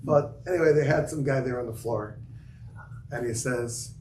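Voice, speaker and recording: A man's voice: mid-range voice, moderate pace, a little mellow. A man giving a casual yeshiva class to students, telling stories full of fillers and Yiddish and Hebrew terms. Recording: echoey room, faint ambient noise.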